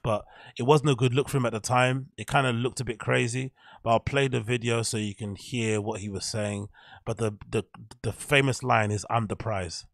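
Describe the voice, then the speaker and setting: A man's voice: medium pitch, gravelly, a bit bright, no echo, studio quality. A man hosting a podcast, giving rambling, blunt commentary while clicking through pictures. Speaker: podcast host. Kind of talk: casual commentary on a screen grid.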